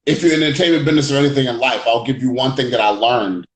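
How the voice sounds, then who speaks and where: A man's voice: mid-range voice, steady tone, very fast. Reflective male host in an echoey room. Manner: reflective, repeats words as he builds up to a point. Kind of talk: casual interview chat.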